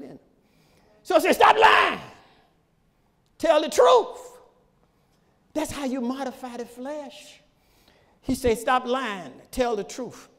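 A male pastor preaching a sermon in a folksy, repetitive style, with shouted peaks and laughter between points. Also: very high voice, gravelly, in a large hall. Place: church sanctuary.

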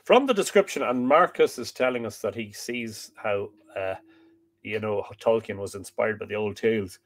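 A man's voice: on the low side, normal speed. An Irish man hosting a live stream, sleepy and yawning, reads an old history book aloud, stumbles over hard names and jokes with viewers between passages. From Ireland. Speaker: livestream host reading aloud.

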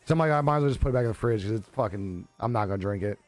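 A man's voice: fairly low pitch, racing, a little mellow. A young man on a live stream chatting casually with viewers, laid-back and joking, swearing freely and laughing often. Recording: dry close-mic with faint music behind.

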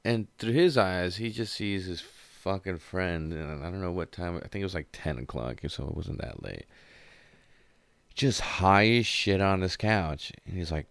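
Low, gravelly young man rambling. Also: lively intonation, normal speed, no room sound. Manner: laid-back, heavy swearing, rambling. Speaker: storyteller. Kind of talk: casual storytime.

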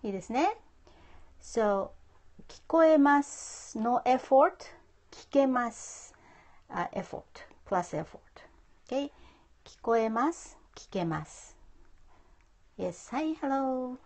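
A woman teaching a live-streamed language lesson. She speaks slowly and patiently, repeating words for her viewers, with a gravelly edge to her voice. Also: high-pitched, lively intonation, a little mellow. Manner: patient, repeats phrases, mixes English and Japanese. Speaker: Japanese teacher. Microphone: phone.

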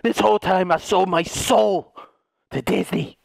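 A man's voice: high-pitched, fairly even intonation, a little slow, gravelly, no echo, clean studio sound. A man in a goofy comedy skit, switching between silly put-on voices with lots of laughter. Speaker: content creator.

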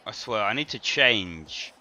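A man's voice: on the low side, lively intonation, measured pace, sharp tone. Ranting man streaming a game. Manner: swearing, frustrated, ranting at the game. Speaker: gaming streamer. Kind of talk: live gameplay commentary. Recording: dull lo-fi stream audio with faint music.

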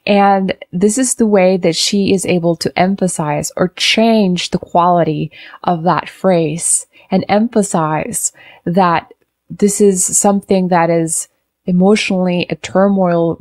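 A woman's voice: lowish voice, a little mellow, dry recording, clean studio sound. A woman vocal coach reacting to a performance, analyzing technique and singing short phrases to demonstrate. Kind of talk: reaction video commentary.

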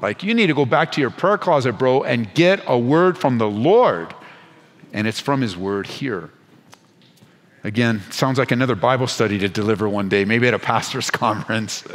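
A man preaching as a pastor at a Bible study, moving between hushed, intimate lines and loud, urgent exhortation, with playful asides. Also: medium pitch, animated, moderate pace, big-room sound. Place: church sanctuary.

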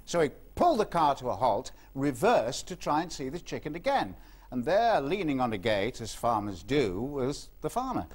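A man's voice: medium pitch, very animated, normal speed. A man telling jokes as a guest on a quiz show. He puts on voices for his characters and chuckles at his own punchlines. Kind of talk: anecdotal joke telling.

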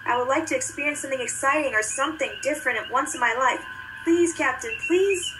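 A woman's voice: high voice, quick pace, far from the mic, background noise, lightly acted. A woman voicing an eager young female junior officer who pleads earnestly. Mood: pleading.

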